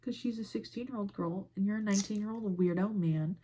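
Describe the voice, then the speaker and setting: A woman's voice: medium pitch, brisk, mellow, slight background noise. A young woman hosting a podcast, ranting in a heated, profane and exasperated way while doing her makeup and recording on her phone. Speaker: podcast host. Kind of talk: casual ranting commentary.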